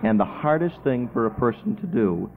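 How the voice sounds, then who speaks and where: A man's voice: medium pitch, sing-song, moderate pace, vocal fry, phone-quality sound. A man hosting a radio interview, asking probing questions in a conversational way.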